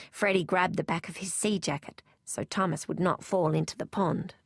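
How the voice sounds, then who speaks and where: A woman narrating a novel aloud in first person, in a measured, even manner. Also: on the low side, no echo, studio quality. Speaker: audiobook narrator.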